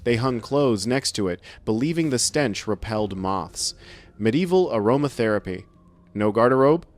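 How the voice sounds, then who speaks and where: A man's voice: medium pitch, animated, moderate pace, faint music behind. A man giving scripted first-person narration with a wry, sardonic humor.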